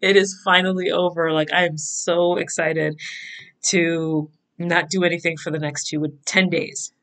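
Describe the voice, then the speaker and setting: A young woman giggles and wanders between topics as she plans her bullet journal in a casual plan-with-me chat. Her fairly low voice stays unhurried with little pitch movement and a bit of brightness, recorded through a computer desk microphone.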